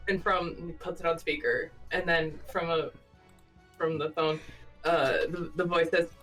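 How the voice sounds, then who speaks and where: A woman's voice: sits low, steady tone, measured pace, a bit bright. A woman narrating her character in a tabletop game, dry and matter-of-fact. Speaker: player. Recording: distant mic with background music.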